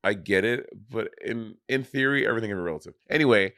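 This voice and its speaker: A man's voice: lowish voice, fast talker, sharp tone, no echo, clean studio sound. A man from Saint Lucia, co-hosting a podcast in casual chat, rambling with many restarts and trailing off. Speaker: podcast co-host.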